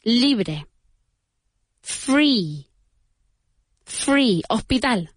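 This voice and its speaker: A woman teaching English pronunciation to beginners, saying each word slowly and repeating it. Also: on the high side, very animated, no echo, clean studio sound. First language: Spanish. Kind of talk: bilingual pronunciation lesson for beginners.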